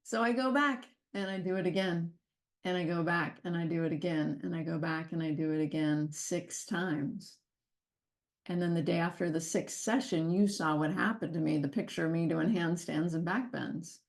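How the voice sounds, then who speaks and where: Woman wellness speaker, animated storyteller, laughs easily. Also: fairly low pitch, normal speed. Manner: expressive, laughs often while telling the story. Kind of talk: personal storytelling talk. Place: talk or masterclass session.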